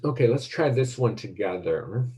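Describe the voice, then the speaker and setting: A man's voice: mid-range voice, expressive, normal speed, mellow. A man lecturing a class, thinking aloud and often restarting his sentences.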